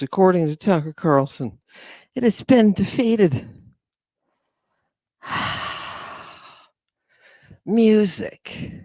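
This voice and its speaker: A man hosting a lecture in a dramatic, rambling style, calling out "people" again and again. He talks slowly and draws out his points. The sound is close and dry, with no room echo. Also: fairly high pitch, darkish tone. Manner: dramatic, rambling, keeps addressing the audience as "people". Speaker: lecture host. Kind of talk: theatrical livestream lecture.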